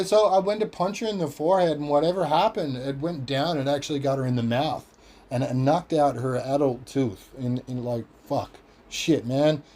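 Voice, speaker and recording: A man's voice: mid-range voice, mellow. Rambling, cursing Australian man. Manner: rambling, profane, acts out quoted voices. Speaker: podcast host. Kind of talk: casual storytelling.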